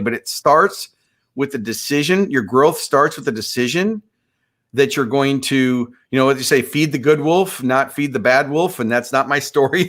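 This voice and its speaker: Speaking in a medium-pitched, fairly bright voice, a Minneapolis man in his fifties shares a personal story on a podcast. His earnest, motivational storytelling is conversational, and he frequently restarts sentences by repeating words.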